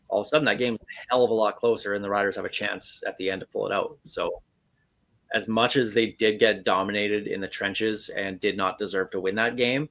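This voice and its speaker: A man's voice: fairly low pitch, fairly bright tone. A man hosting a sports podcast, chatting casually and thinking aloud with fillers. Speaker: podcast host.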